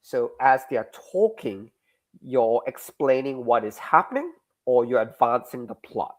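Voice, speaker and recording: Comic creator on a podcast, animated and rambling, pitch swinging widely. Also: male voice, measured pace. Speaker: comic creator, interview guest. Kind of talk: explaining in a casual podcast interview.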